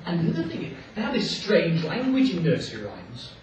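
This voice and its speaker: Playful storyteller in a hall. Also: male voice, fairly high pitch, fairly quick, heavy background noise. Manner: playful, animated, jokey asides. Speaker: children's author and performer. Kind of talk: comic storytelling to children. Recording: echoey hall, distant mic, dull sound.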